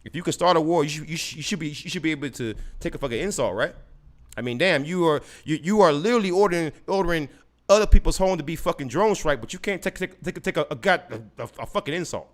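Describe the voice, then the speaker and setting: A man's voice: on the high side, lively intonation, fast. A man hosting a solo podcast, ranting with heavy profanity, repeating and stumbling over his words as he gets heated. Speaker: podcast host. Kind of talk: solo political rant podcast.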